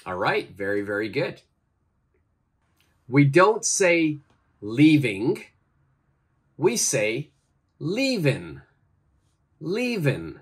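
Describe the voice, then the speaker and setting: A man with a husky, medium-pitched voice and big swings in pitch teaches English pronunciation. He leads slow repeat-after-me drills, exaggerating each sound deliberately and offering encouraging praise.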